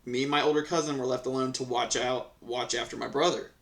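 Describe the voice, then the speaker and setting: A man's voice: medium pitch, steady tone, fast talker, vocal fry, a bit bright. A man reading Reddit stories aloud and reacting in casual commentary, swearing freely and ranting with lots of restarts. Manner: profane, heated ranting; rambling with frequent restarts. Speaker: Reddit story reader and commentator.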